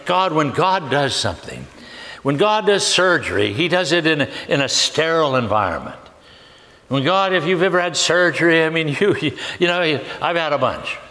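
An older man, a guest pastor, preaching a sermon with humor and laughter, acting out lively exchanges. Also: on the high side. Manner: humorous, animated storytelling with laughs. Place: large church hall. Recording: long church reverb.

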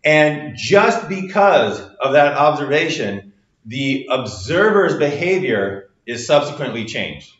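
A man's voice: mid-range voice, big pitch swings, slow pace. A man teaching a university psychology class, explaining step by step with many fillers and acting out little quoted exchanges. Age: adult with children. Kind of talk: recorded lecture. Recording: roomy lo-fi lecture recording.

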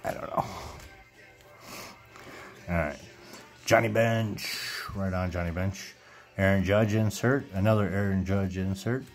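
A man's voice: deep voice, fairly even intonation, unhurried, long pauses, soft background music. A middle-aged man casually chatting while opening baseball card packs, reading out player names and tripping over a few. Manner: reads player names one after another, trips over names and corrects himself. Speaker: card collecting YouTuber.

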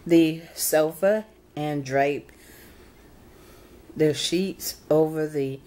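Young woman reading a bedtime story aloud, kinda halting, fixes her slips. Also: low voice, mellow. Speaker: channel host reading to reborn dolls.

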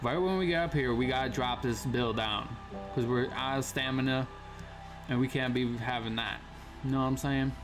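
A man's voice: mid-range voice, normal speed, over music. A young man casually commenting on a survival game, slangy and prone to sudden startled yelps. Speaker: gaming channel host. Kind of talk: gameplay commentary.

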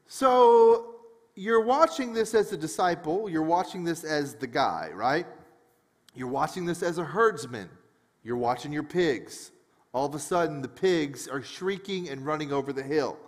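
A fairly high-voiced man preaching with a relaxed, joking manner, mixing scripture reading with chatty asides. His voice rings out with a long echo, as if in a big hall. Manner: joking, chatty, animated retelling. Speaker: pastor. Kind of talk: casual conversational sermon.

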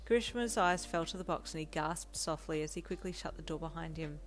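A woman narrating a second-person fan audio story in a steady, intimate reading style. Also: low voice, fairly quick. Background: soft lo-fi piano backing music.

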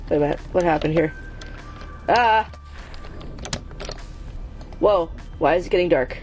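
Playing a game on her own channel, a woman gives let's play commentary, exasperated and cursing at the game while chanting the same urging words again and again. Her voice is lowish and darkish in tone, her delivery unhurried, with soft music in the background.

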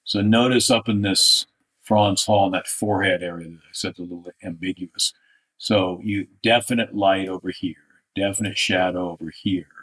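Male art instructor, low voice, casual live critique with plenty of thinking aloud and restarts. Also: steady tone, normal speed, a bit bright. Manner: thinking aloud, restarts, talks over drawing on screen.

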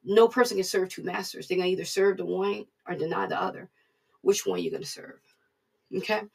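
Gravelly, husky woman preaching. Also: medium pitch, a little fast, darkish tone, far from the mic. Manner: plain-spoken, conversational, addresses listeners directly. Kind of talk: informal recorded sermon.

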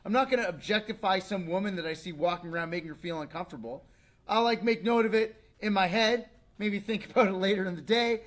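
Male show host, thirties, higher-pitched, animated ranting delivery. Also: a little fast. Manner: animated, swings into mocking voices. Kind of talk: casual comedic rant.

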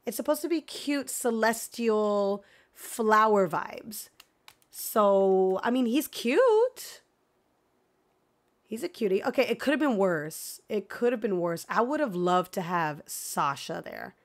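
A woman streaming a video game, chatting casually with viewers and swinging between excited gasps and mock dread. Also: medium pitch, slow. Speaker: gaming streamer. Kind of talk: casual live gameplay chat.

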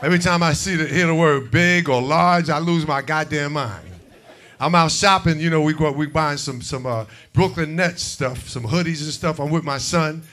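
Brash New stand-up host. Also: male voice, fairly high pitch, normal speed, slight background noise. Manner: brash, animated, talks to the audience. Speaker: comedy show host and stand-up comedian. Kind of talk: stand-up comedy and crowd work. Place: comedy show stage in a diner.

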